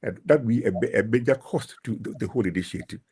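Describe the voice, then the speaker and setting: A man speaking as a panelist in a webinar, measured and full of hesitations, heard over a video call. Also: mid-range voice, darkish tone, breathy edge.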